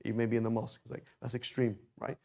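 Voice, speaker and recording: Guy with a gravelly voice teaching a relaxed class, keeps asking "right?". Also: mid-range voice, quick pace. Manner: conversational, rhetorical questions, frequent "right?". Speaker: Arabic teacher. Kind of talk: informal class lecture.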